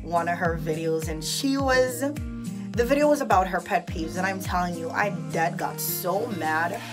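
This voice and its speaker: A young Jamaican woman with a Jamaican accent, vlogging from her bathroom and ranting about pet peeves in an animated, exasperated way. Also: fairly low pitch, unhurried, over music. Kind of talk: casual vlog chat. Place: bathroom at home.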